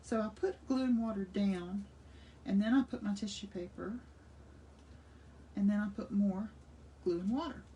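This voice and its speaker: Working through a craft demonstration, a woman in her sixties who teaches art chats eagerly and thinks out loud. Her mid-range voice is mellow and moderately paced. The recording catches her slightly off-mic and far away, with a faint hum of room noise.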